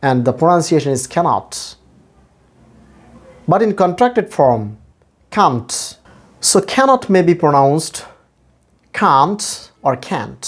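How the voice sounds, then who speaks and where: A man teaching English pronunciation, repeating each word slowly and mixing Bangla and English. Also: on the high side. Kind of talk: pronunciation lesson.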